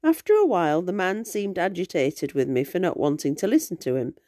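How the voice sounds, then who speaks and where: A woman reading a scary true story aloud, telling it in a measured, expressive way. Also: lowish voice, dry recording, clean studio sound.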